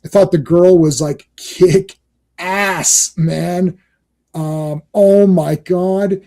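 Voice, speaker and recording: High-voiced, mellow, rambling podcast host. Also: male voice, steady tone, extremely slow. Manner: rambling, enthusiastic, laughs often. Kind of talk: casual chat.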